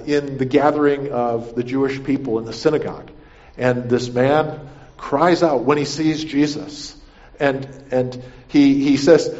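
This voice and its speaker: A man's voice: mid-range voice, darkish tone. Man preaching on a dull recording. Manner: conversational preaching, asks "right?", repeats and restarts. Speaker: pastor. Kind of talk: sermon.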